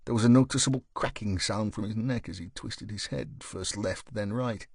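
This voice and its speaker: Steady male audiobook narrator. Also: lowish voice, moderate pace, vocal fry, hardly any pauses, breathy edge, no room sound, clean studio sound. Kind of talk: scripted narration.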